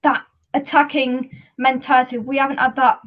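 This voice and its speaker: A woman with a high voice hosts a casual live fan show, chatting along with plenty of ums and restarts. The stream audio sounds dull and lo-fi. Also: little pitch movement, normal speed. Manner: chatty, hesitant with many ums. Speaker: fan channel host.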